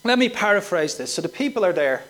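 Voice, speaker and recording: A man with a high voice preaches a sermon, working through scripture verse by verse. He pushes his points with emphasis and keeps putting pointed questions to his listeners. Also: big pitch swings, fast talker, a bit bright.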